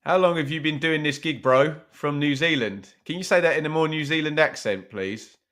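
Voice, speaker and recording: Male host, watch-along stream, casual and self-mocking, voice sits a touch high. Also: normal speed, fairly bright tone. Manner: chatty, self-mocking, reads chat aloud. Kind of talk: casual live match commentary and chat.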